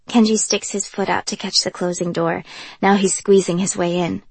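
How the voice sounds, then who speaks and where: Breathy woman reading an audiobook. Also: fairly low pitch, steady tone, moderate pace, darkish tone, no room sound. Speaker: audiobook narrator. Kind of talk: first-person scripted narration.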